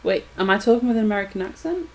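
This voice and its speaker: A woman's voice: medium pitch, expressive, very fast, low-quality recording. Giggly British woman chatting casually. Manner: giggly, chatty, lots of fillers. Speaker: tabletop role-play player. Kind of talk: casual chat during an online live game. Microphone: voice-chat microphone.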